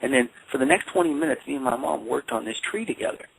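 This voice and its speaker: A man working as a life coach and counselor, telling a personal story in a phone interview with halting speech and frequent repeated words. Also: medium pitch, expressive, creaky, slightly rough, low-quality recording.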